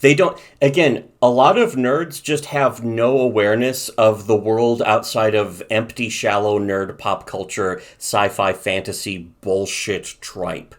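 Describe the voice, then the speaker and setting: Man, low voice, casual podcast rant, profane, working from notes. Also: steady tone, measured pace, hardly any pauses. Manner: profane, ranting, reads from notes. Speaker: podcast co-host. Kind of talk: casual commentary chat.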